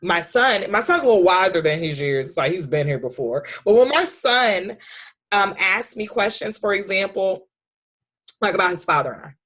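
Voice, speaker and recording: A woman in her thirties, a podcast guest, talking candidly about raising her son, animated and leaping high when she quotes him. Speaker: podcast guest, author and speaker. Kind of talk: candid conversational storytelling.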